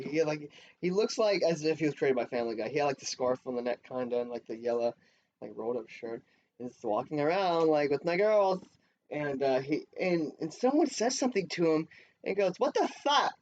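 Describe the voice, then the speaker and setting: A young man co-hosting a casual podcast, rambling and profane, often jumping into high-pitched bursts. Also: a little mellow, slight background noise. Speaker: podcast co-host. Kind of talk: casual crude podcast banter. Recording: dull lo-fi home podcast mic.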